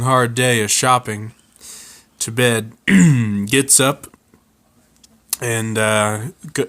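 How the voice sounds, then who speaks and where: A man improvising a comic story, halting with fillers and frequent throat-clearing. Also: medium pitch, a bit bright.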